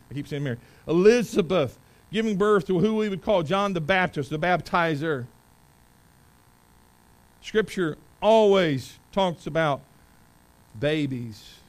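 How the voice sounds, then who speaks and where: A man in his forties preaching a sermon in a church, reading scripture loudly and with force, then telling stories in a quieter voice. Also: high-pitched, low-quality recording. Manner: rises to loud emphatic preaching when reading scripture, drops to quiet storytelling. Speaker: pastor. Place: church service.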